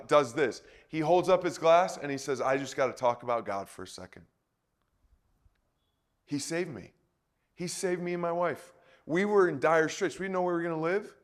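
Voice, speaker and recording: A man preaching a sermon to a congregation, teaching in a conversational way and putting questions to his listeners. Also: a little high. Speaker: pastor. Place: church hall.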